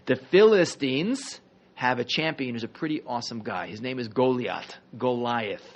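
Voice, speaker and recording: A man teaching a history class as a rabbi, telling the story in a lively, conversational way with jokey asides. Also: medium pitch, normal speed, muffled recording.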